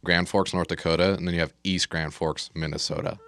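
A man's voice: sits low, brisk, no room sound, clean studio sound. A young man, the guest, chatting casually about his training and cold winters, telling stories with wry exaggeration. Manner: relaxed storyteller, wry exaggeration. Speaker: guest, air traffic controller. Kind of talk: casual interview chat.

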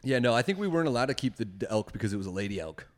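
A man's voice: medium pitch, expressive, very fast. A young man casually telling a wild story, rambling, swearing a lot and laughing often.

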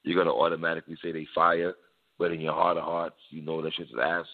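A man's voice: sits low, completely flat delivery, fast talker. A man in casual hip-hop debate chat, laid-back and slangy, who laughs often and repeats his phrases. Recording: tinny phone-like sound.

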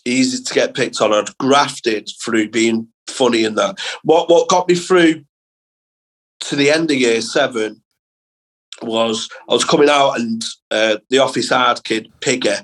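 On a casual chat podcast, a young comedian guest shares school stories in a husky, slightly breathy voice at an ordinary middle pitch. His telling is animated and loose, full of swearing, and moves at a measured pace. The audio quality is poor.

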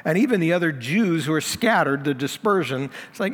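Conversational pastor in a reverberant hall. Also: male voice, a little high, expressive, fairly quick, fairly bright tone. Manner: conversational, paraphrasing scripture in plain speech. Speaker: lead pastor. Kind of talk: expository sermon.

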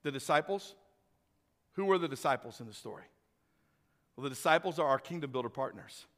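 Bright-voiced energetic male preacher. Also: medium pitch, a little fast. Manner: energetic, animated, addresses congregation directly. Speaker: pastor. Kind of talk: sermon. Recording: reverberant hall.

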